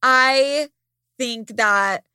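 A young woman hosting a casual podcast chat, animated and candid, swearing freely. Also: sits high, drawn-out words, clean tone, no room sound, clean studio sound. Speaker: podcast host.

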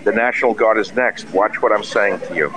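A man's voice: lowish voice, fairly quick. A man in a restaurant delivering a scornful, combative monologue. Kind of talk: ranting monologue. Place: busy restaurant, indoors. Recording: noisy restaurant crowd chatter. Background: restaurant crowd chatter.

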